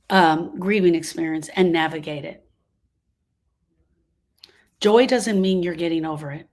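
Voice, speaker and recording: A woman's voice, on the low side with a darkish tone, belongs to a grief podcast host in her 60s from Louisiana. She tells her story earnestly and from the heart, repeating phrases for emphasis.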